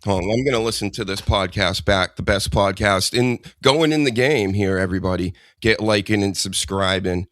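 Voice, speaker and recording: A man's voice: on the low side, normal speed, hardly any pauses, fairly bright tone, no echo, clean studio sound. A man hosting a casual comedy podcast, rambling and teasing his co-host in a joking way.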